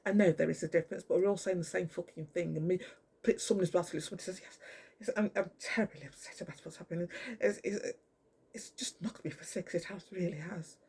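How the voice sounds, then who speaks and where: A voice pours out an angry, profanity-laced, rambling monologue straight to camera. The tone sits dark and mellow, with a gravelly fry and a husky, breathy edge. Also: medium pitch, steady tone, quick pace.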